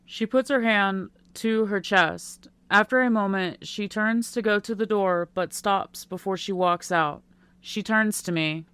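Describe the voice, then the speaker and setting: A woman narrating a first-person teen romance audiobook in a quiet, unhurried way. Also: mid-range voice, clean tone, no room sound.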